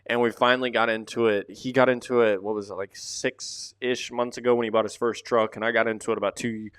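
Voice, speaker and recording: A man's voice: mid-range voice, flat delivery, brisk, a bit bright, clean tone, no echo. A man hosting his own podcast, talking loosely and rambling with casual fillers, close up to the microphone. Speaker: podcast host. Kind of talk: casual solo podcast talk.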